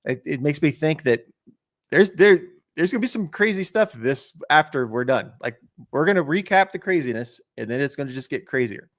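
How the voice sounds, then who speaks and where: A man's voice: a little high, animated, moderate pace, fairly bright tone. A man talking as a guest co-host in a casual chat, rambling and loose.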